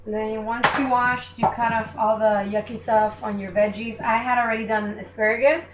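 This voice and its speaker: Her voice is a little high and level, delivered at a moderate pace. She's a young woman making a casual cooking video at home, chatting, apologizing, and making self-deprecating remarks in an echoey kitchen with background noise.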